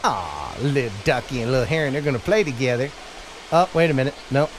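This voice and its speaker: Man, stream host, playful and teasing, casual banter, bouncy pitch. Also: expressive, fast, a little hiss or hum. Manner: playful, teasing, laughs often.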